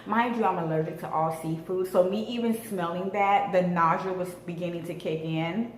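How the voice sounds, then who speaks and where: A woman's voice: lowish voice, steady tone, normal speed. A woman in her thirties from Southern California, telling a dramatic storytime vlog with slang and swearing. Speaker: vlogger. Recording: echoey room with faint noise.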